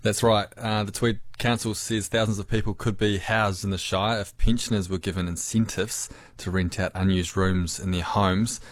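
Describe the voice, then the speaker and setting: A man with a New Zealand accent reading radio news headlines in a studio, steady with casual asides. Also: fairly low pitch, normal speed, hardly any pauses. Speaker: news presenter. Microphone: studio microphone.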